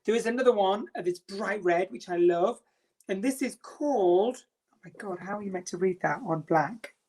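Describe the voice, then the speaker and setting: A woman's voice: medium pitch, moderate pace, a little mellow. A middle-aged woman hosting a makeup live stream, theatrical and self-mocking, greeting viewers by name.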